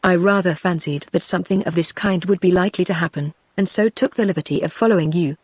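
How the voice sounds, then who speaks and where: A synthetic British-accented woman's voice voicing a sharp, composed gentleman detective, read evenly in the narrator's own voice. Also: on the low side, fast, slightly rough, no echo, studio quality. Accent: British English. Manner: even synthetic reading.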